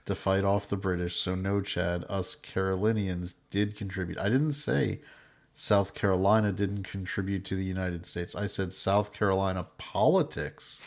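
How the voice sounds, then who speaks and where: A very deep-voiced man co-hosting a political talk show and reading viewer messages aloud. He argues his points firmly and snaps when he is interrupted. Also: fairly even intonation. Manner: argumentative, laughing, quick to snap. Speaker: podcast co-host reading super chats. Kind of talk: casual political banter.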